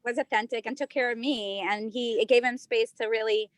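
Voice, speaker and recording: A married woman student telling a story from home in a class over a video call, animated with many restarts. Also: a little high, a little fast, no room sound. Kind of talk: sharing in a class discussion.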